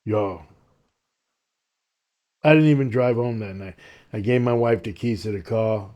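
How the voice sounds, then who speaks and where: A man from New York, fairly low-pitched and talking a little slowly, shares his life story as a podcast guest. He's animated, acting out other people's lines as he goes.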